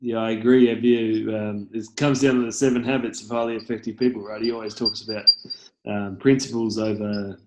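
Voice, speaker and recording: A man's voice: on the low side, level tone, fairly quick, a bit bright. A chatty male host asks loose, rambling questions and trips over his words as he goes. His voice rings in an echoey room with faint background noise. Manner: chatty, hesitant, lots of fillers. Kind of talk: casual interview chat.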